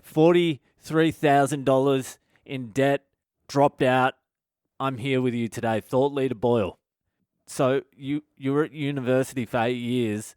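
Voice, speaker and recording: A man's voice: mid-range voice, fairly even intonation, a little slow, a little mellow, clear, resonant tone, no room sound, clean studio sound. A man, a comedian hosting his own podcast, delivering a sardonic comic monologue that is full of swearing and acted-out mock dialogues.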